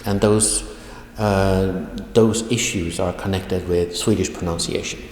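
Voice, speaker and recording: A man teaching an online language lesson, speaking slowly and deliberately and repeating example phrases. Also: deep voice, steady tone, a little mellow, a little hiss or hum. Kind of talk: online video lecture. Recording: echoey room with long reverb.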